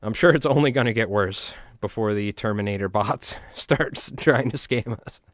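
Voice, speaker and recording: On a fly tying stream, the host, a man with a New York accent, jokes around and chats with viewers in a meandering, casual way while tying flies. His pitch is fairly low and his pace moderate, recorded at studio quality with no echo.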